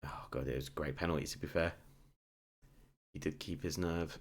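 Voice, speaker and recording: Male gamer, deep voice, lively commentary over his own play, mutters then erupts. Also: normal speed, vocal fry. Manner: excitable, swings between muttering and shouting. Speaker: gaming YouTuber. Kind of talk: live game commentary.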